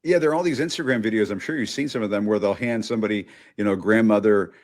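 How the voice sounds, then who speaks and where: Low-voiced man hosting, casual and joking. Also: fast talker, over a noisy crowd. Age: middle-aged. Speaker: news show host. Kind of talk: live interview conversation.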